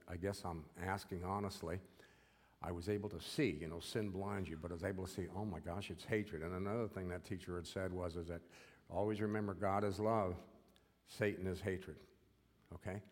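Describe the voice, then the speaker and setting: A man's voice: deep voice, steady tone, moderate pace, big-room sound. An older man giving an earnest personal testimony, often repeating himself and checking in with "okay?". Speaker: former prisoner giving testimony.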